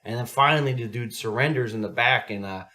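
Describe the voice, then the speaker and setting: A man's voice: medium pitch, quick pace. A man co-hosting a podcast, telling rambling, profane stories in casual chat and acting out the voices of the people in them. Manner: profane, rambling storyteller who acts out quotes loudly. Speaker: podcast co-host.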